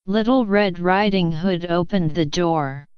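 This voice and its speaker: A woman reading a bedtime fairy tale aloud in a gentle, expressive way. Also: fairly low pitch, a little slow, smooth, dry recording, dull audio. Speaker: storyteller.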